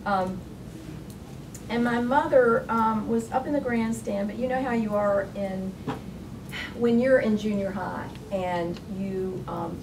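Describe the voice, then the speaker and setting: A woman author tells a story to a live panel audience, her voice picked up from some distance with a steady hiss behind it. She speaks at a middling pitch and slips readily into laughter. Her speech is full of restarts and animated asides. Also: slow. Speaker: panelist, author and writing professor. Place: lecture hall at a public panel. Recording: distant, noisy hall recording.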